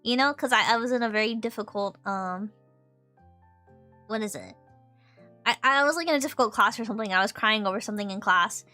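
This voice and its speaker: A woman's voice: on the high side, fairly quick, long pauses, faint music behind. A young adult woman streaming, chatting casually and telling stories with lots of laughter. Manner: animated storytelling, frequent laughter. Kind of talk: casual chat.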